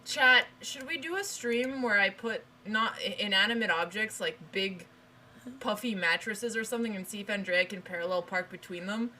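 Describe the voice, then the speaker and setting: A young woman co-hosting a stream, telling a rambling, animated story in casual chat, full of restarts. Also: mid-range voice, normal speed, a little hiss or hum. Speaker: stream co-host.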